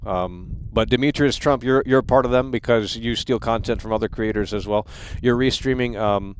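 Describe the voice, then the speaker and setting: A man's voice: mid-range voice, normal speed. A man in his thirties hosting a live stream, ranting in a heated, profane way and stumbling over repeated words. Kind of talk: angry livestream rant.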